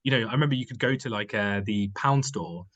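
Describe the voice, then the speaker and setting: A man's voice: on the low side, quick pace, a bit bright, lo-fi sound. A man from the United Kingdom, a company founder who is a guest, telling his story in casual conversation, rambling with many fillers and restarts.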